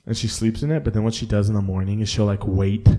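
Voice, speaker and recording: A man's voice: fairly low pitch, fairly even intonation, fast, dark tone. A man co-hosting a podcast, telling profane, loose stories in casual chat and acting out quotes, close to the mic. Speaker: podcast co-host.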